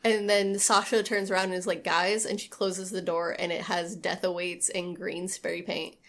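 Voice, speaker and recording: A woman's voice: on the low side, level tone, normal speed, a bit bright. A woman co-hosting a podcast, casually retelling a horror film and acting out the characters' lines. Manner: chatty storytelling with acted-out quotes. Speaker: podcast co-host. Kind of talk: casual movie recap chat.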